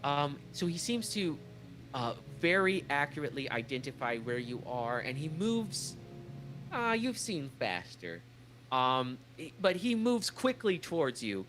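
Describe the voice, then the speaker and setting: A man runs a tabletop game, narrating scenes in a slightly high voice full of ums and restarts. Soft music plays faintly behind him. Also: very animated. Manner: halting, lots of uhs and restarts. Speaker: game master.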